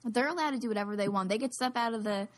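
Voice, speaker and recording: A woman's voice: fairly high pitch, rapid-fire, dry recording. A woman telling a story in casual chat, rambling and peppering her talk with "like". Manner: rambling, heavy use of "like", chatty.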